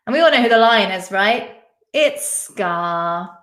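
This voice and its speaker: A woman's voice: mid-range voice, expressive, measured pace, a bit bright. A woman hosting a live-stream quiz, chatting casually and reading out viewers' names and answers. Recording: echoey room.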